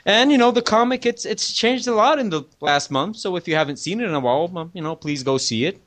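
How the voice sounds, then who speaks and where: A man's voice: sits high, expressive, fast talker, a bit bright. A man co-hosting a casual podcast, talking hesitantly with many fillers and repeated words. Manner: hesitant, full of "you know" fillers and repeats. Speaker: podcast co-host.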